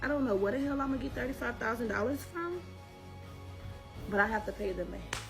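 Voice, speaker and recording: Woman, gravelly voice, profane social media rant. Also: on the high side, brisk, music in the background. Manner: profane, exasperated. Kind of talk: casual rant to camera.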